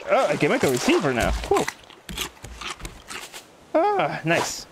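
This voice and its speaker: Excitable gamer man in mock Irish lilt. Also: fairly high pitch, unhurried, long pauses, background noise. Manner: jokey put-on Irish lilt; excitable, swearing, yelling at the game. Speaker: gaming YouTuber. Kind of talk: let's play commentary.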